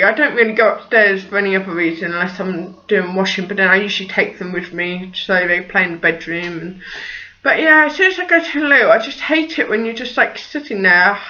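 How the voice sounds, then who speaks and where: Chatty mum vlogging, bright voice. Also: female voice, mid-range voice, dull audio. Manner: chatty and rambling, full of "like" and "just". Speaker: parenting vlogger. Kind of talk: casual vlog chat.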